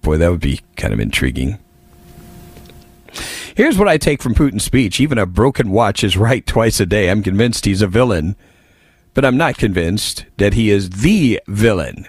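A man's voice: lowish voice, sing-song, unhurried, long pauses, husky, no echo. A man hosting a political talk radio show, reading listener messages with wry asides.

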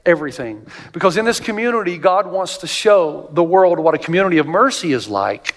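A man with a high voice delivers a sermon as a pastor. He tells stories with lively animation, his voice jumping up to act out others. The sound carries a long reverb from a large church auditorium. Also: brisk. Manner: animated storytelling, jumps high for quoted voices.

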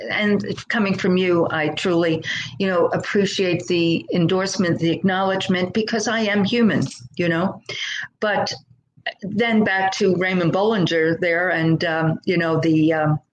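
A woman's voice: fairly low pitch, a little hiss or hum, rough recording. A middle-aged woman, a podcast guest, tells her life story earnestly and thoughtfully, sometimes acting out the voices of people she quotes. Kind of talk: conversational storytelling.

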